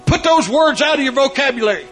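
A preacher delivering a sermon in a high voice. He drops to soft storytelling, then rises to shouted emphasis. Faint music sits behind him. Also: lively intonation, fast.

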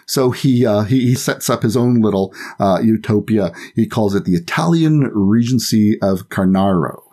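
A man guesting on a podcast, telling a history story in a rambling, lively, casual way. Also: medium pitch, normal speed, hardly any pauses.

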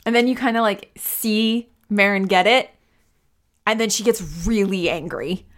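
A woman's voice: medium pitch, measured pace. Woman casually describing her character. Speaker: player. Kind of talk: tabletop game play.

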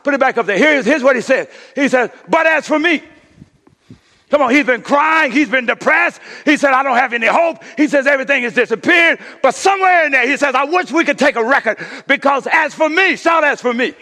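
A man's voice: extremely high pitch, animated, brisk, bright, forceful tone. A man preaching a sermon as pastor, urging his congregation on with repeated calls of "come on now.". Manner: preaching with call-and-response, repeated 'come on now'. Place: church sanctuary. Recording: reverberant hall.

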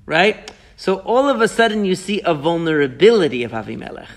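A man leads a lively Torah study, animated and questioning as he walks his students through the text. His voice sits high and carries a gravelly rasp. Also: fairly quick. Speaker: Torah teacher. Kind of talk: Torah class discussion.

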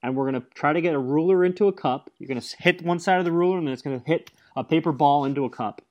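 Easygoing man with a slightly high voice. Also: lo-fi sound. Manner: agreeable, backs up co-host with quick yeahs. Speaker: podcast co-host. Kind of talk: casual recap chat.

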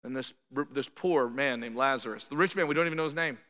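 A man preaching a conversational sermon as pastor, animated and quick to act out quoted voices. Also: medium pitch, long reverb tail. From Canada.

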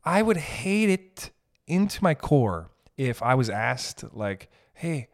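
Man, podcast host, casual comedic rant, profane, animated, loud then muttering. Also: medium pitch, slow. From raised in an Italian family.

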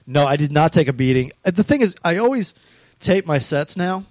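A man's voice: fairly high pitch, brisk, dry recording. A comedian telling casual stories about his gigs, swearing a lot and acting out the voices of people he quotes. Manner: animated, swearing, acts out quotes. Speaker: stand-up comedian on a podcast. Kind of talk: casual chat, storytelling.

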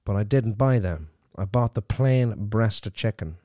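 A man's voice: on the low side, normal speed, dark tone, dry recording, studio quality. An Irish man ranting in a sweary, sarcastic, rambling monologue to his viewers. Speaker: vlogger.

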